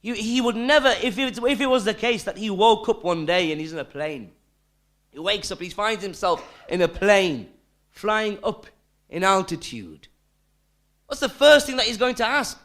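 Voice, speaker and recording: A man's voice: high voice, expressive, moderate pace, a bit bright. A man giving a recorded Islamic lesson, telling a story and asking rhetorical questions with repeated phrases. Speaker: Islamic teacher.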